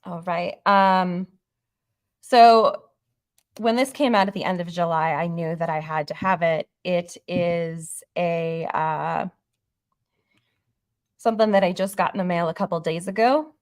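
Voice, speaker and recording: A woman hosting a horror channel in a casual livestream, talking in an excitable, rambling way. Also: on the low side, unhurried, no echo, clean studio sound.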